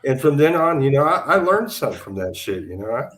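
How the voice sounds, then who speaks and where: A drunk man tells stories with an easygoing, laughing looseness, profanity sprinkled through. His voice rings in a roomy, echoing space, at an average pitch. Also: sing-song, fast talker, a bit bright. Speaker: guest on a live audio panel. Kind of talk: casual storytelling. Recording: roomy echo.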